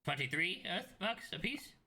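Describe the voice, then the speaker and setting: A man's voice: high voice, lively intonation, moderate pace, bright, forceful tone, exaggerated voice. A man playing a dry, dismissive male clerk at a beach kiosk in a tabletop game.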